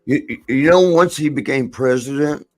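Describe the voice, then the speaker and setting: An older man hosting a casual podcast, spinning loose, meandering stories and laughing between lines. He talks at an everyday pitch and acts out what other people said. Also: normal speed, a little mellow, soft background music. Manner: laughs often, rambling anecdotes with quoted voices. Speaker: podcast host. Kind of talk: casual storytelling chat.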